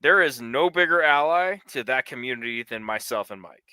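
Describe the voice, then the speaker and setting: A man in his forties chats on a live sports show, swearing and ribbing his friends with brash, crude humor. His voice is strikingly bright and cutting, and the sound is dry and close with no room in it. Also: medium pitch, animated, normal speed, clear, resonant tone, no echo. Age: 40s. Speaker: co-host. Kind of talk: casual chat.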